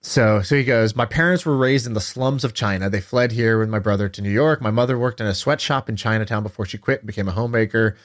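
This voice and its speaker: A man's voice: lowish voice, fast, few pauses. A man in his thirties co-hosting a casual podcast chat, telling a story with animation and acting out what people said. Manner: animated storytelling, acts out quoted voices. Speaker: podcast co-host.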